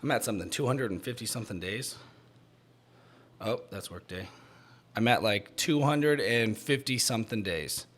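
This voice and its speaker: A man's voice: on the low side, lively intonation, normal speed, pauses often, a bit bright. A man hosting a solo podcast, talking in a rambling, self-deprecating way with lots of restarts, a bit out of breath. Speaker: podcast host.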